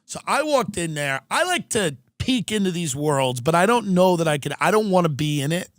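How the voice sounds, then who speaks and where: A man's voice: high voice, sing-song, normal speed, no echo. Wry man, dry studio sound. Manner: rambling, wry, acts out quoted voices. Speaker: podcast host. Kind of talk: comedic storytelling.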